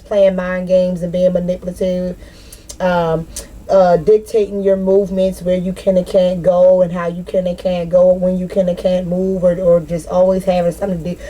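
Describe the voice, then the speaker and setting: Female tarot reader, low dark voice, casual rambling delivery with lots of swearing. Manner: loose, rambling, swears freely, talks straight to the viewer. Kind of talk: spiritual tarot reading, casual and profane.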